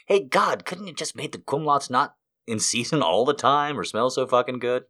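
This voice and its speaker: A man's voice: mid-range voice, animated, moderate pace, sharp tone. A man hosting a podcast, delivering a rambling, profane comedic monologue. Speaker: podcast host.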